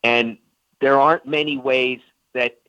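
A man being interviewed as a sports columnist on the radio, speaking in a measured way with frequent fillers. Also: mid-range voice, fairly even intonation, sharp tone, clear, resonant tone, no room sound, low-quality recording.

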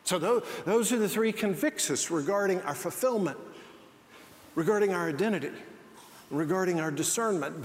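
A man preaching a sermon as pastor, telling stories with frequent restarts. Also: fairly high pitch. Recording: long hall reverb, faint noise.

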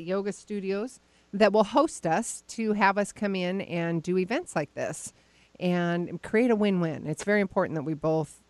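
A woman's voice: a little mellow, no echo. A woman hosting a casual call-in radio show, chatty and prone to shrieks of disbelieving laughter. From United States. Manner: bursts into high incredulous laughter.

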